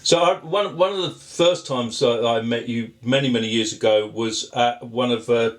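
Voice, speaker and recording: A man interviewing a guest, asking questions in a halting, restarting conversational way. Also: medium pitch.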